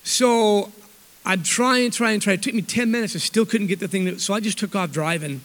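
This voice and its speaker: His voice sits high and a bit bright, moving at a moderate pace, while he tells churchgoers a meandering story at his own expense. Mid-sentence self-corrections come often, and the room adds a long hall reverb.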